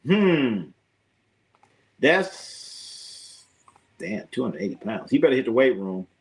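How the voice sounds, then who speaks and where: A man hosting a live sports stream at a middle pitch. He talks loosely and profanely, circles back on his own phrases and chats with his viewers as he goes. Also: quick pace, vocal fry, a little mellow. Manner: loose, profane, rambling, repeats himself, laughs often. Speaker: sports talk livestream host. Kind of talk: casual live-stream chat reading viewer comments.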